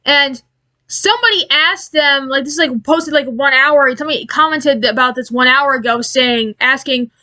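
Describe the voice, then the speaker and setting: High bright woman ranting angrily. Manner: profane, exasperated, halting with many restarts. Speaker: aviation commentary YouTuber. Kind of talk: angry commentary rant.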